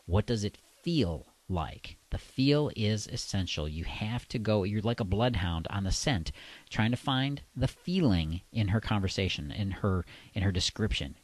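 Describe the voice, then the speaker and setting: A man coaching, speaking slowly and deliberately in a deep, resonant voice with long pauses. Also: lively intonation. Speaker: dating coach. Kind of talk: instructional monologue.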